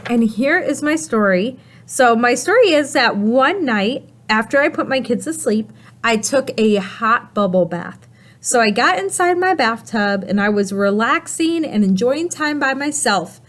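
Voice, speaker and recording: A slightly high-voiced woman teaching a recorded writing lesson to young children. She speaks slowly and in an animated, sing-song way, often asking questions of her class. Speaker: kindergarten teacher.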